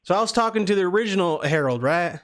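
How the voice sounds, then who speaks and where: A man's voice: high voice, lively intonation, fast, fairly bright tone. A man putting on a Southern American accent to play a folksy prank caller who rambles and calls people sir and son. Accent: American Southern (put on). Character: folksy Southern man calling about car repair.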